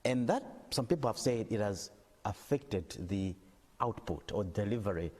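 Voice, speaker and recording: A man's voice: fairly low pitch, animated, moderate pace, a little mellow. A man hosting a TV interview, asking long questions with small restarts. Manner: asks long questions with small restarts, short affirming replies. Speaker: TV news anchor and interviewer. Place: TV studio. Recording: reverberant TV studio sound.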